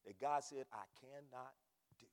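A man preaching a sermon from the pulpit, repeating words emphatically and rising to shouts. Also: medium pitch, moderate pace, in a large hall. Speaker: pastor. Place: church sanctuary.

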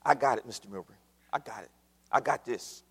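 A man voicing a meek, agreeable male crew driver who mumbles low reassurances. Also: brisk, husky, in a large hall. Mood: reassuring.

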